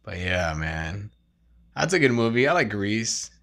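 A man's voice: on the low side, sing-song, unhurried, a bit bright. A man in his thirties hosting a podcast in casual chat, rambling, slangy and profane. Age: 30s. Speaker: podcast host.

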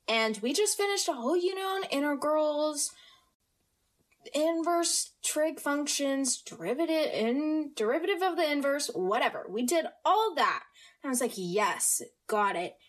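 American teen girl rambling on her podcast, high voice that bounces around a lot, um's everywhere. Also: fairly bright tone. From United States. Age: teens. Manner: chatty, self-mocking, full of fillers. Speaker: podcast host. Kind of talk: casual solo podcast chat.

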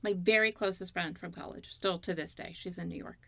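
A woman's voice: fairly low pitch, fairly quick, vocal fry, a bit bright, no echo. A woman in her fifties, a guest telling her story in an earnest, emotional way during a candid interview.

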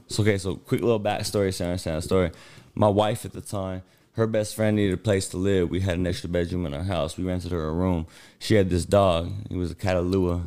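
Deep-voiced man, blunt and profane. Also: a little mellow, clean tone. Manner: blunt, profane, rambling with quick asides. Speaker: podcast host. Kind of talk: casual storytelling. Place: podcast studio.

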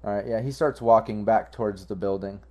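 A man's voice: fairly low pitch, brisk, warm tone. A man running a tabletop game as game master, narrating in a casual, rambling, profane way.

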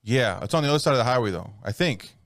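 A young adult man co-hosts a podcast, spinning rambling, crude anecdotes and acting out the voices, comedian-style, in casual chat. His medium-pitched voice is slightly bright, quick and lively, recorded cleanly in a studio without echo.

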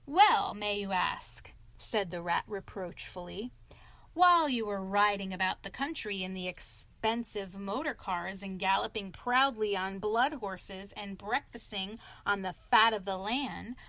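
A woman's voice: mid-range voice, measured pace, bright, forceful tone, no echo. A woman voicing a sensible male water rat who lectures earnestly and reproachfully in a read-aloud story.

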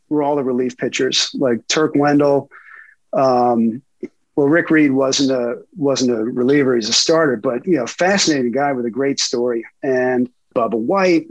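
Middle-aged man, guest storyteller, laughs a lot, mid-pitched voice, dry sound. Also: no room sound, poor audio. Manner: laughing often, profane anecdotes. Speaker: guest reporter. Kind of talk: casual interview storytelling.

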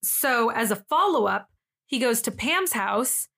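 A woman's voice: on the high side, expressive, measured pace, gravelly, bright, forceful tone. A young woman co-hosting a true-crime podcast, telling the story casually with sarcastic asides and acting out what people said. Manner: sarcastic, acts out quotes in different voices. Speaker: podcast co-host.

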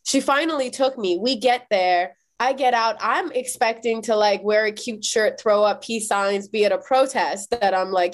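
A woman from Iran in her thirties, a podcast guest telling personal stories in a lively, quick way with many "like" fillers. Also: medium pitch. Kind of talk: animated personal storytelling in a podcast interview.

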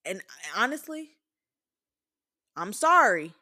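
A woman's voice: on the high side, very animated, takes it slowly, sharp tone. A woman in her twenties hosting a show, giving a candid, blunt and profane opinion monologue. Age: 20s. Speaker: podcast host.

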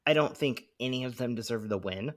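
A man's voice: medium pitch, a little fast. A man co-hosting a casual film-review podcast, talking bluntly and opinionatedly with many fillers. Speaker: podcast co-host.

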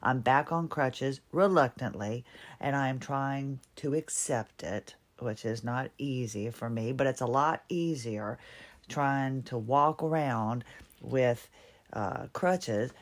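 A middle-aged woman from Virginia with a Virginian accent, talking casually and wryly on her own podcast. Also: very deep voice. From Virginia, USA. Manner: chatty, wry, laughs at herself. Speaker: podcast host. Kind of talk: casual monologue.

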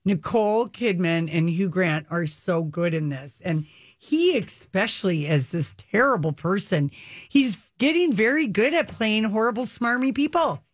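A woman's voice: medium pitch, expressive, a little slow, no echo. Woman co-host, casual and chatty, dry close mic. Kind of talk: casual chat about TV shows.

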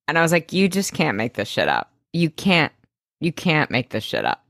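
A young woman co-hosting a podcast, sarcastic and lively as she mocks the characters in a casual recap. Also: low voice, moderate pace, creaky, no echo, studio quality. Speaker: podcast co-host.

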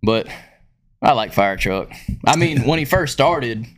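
A man's voice: medium pitch, lively intonation, measured pace, a bit bright. Profane man spinning yarns. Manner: profane, rambling storyteller. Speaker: podcast co-host. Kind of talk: casual podcast chat.

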